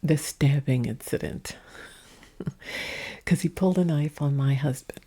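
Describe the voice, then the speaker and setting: Woman talking low and rambly at home, husky dark voice, kinda gravelly. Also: a little slow. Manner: talks low and soft, rambling. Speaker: vlogger. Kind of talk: casual storytelling. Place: indoors at home, under a ring light. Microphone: mic set up in front of her.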